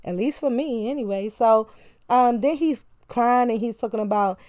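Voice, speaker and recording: A woman's voice: a little high, normal speed, dark tone, no room sound, studio quality. Chatty laughing woman reviewing a movie. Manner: chatty, laughing, sarcastic, acts out quotes from the film. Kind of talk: casual movie review recap.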